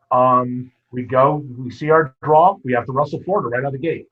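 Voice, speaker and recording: A man, a wrestling coach, telling stories in a casual interview, lively and full of quoted dialogue. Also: mid-range voice, fairly quick, few pauses, slightly rough. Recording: muffled lo-fi podcast audio.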